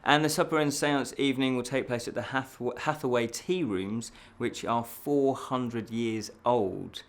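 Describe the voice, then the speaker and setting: Man, casual news host, chatty, laughs at his slips, mid-pitched voice. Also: measured pace.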